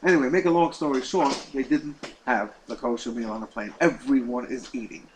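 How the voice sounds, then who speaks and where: A man teaching a class as a rabbi, telling a story with lively delivery, repeating words and acting out the quoted lines. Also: mid-range voice, a little fast, background noise. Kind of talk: storytelling lesson.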